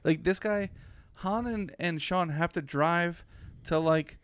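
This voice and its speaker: A man's voice: fairly high pitch, takes it slowly, clean tone, no echo. A man co-hosting a podcast, chatting easygoingly about a film and agreeing often with his partner. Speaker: podcast co-host. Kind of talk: casual film breakdown chat.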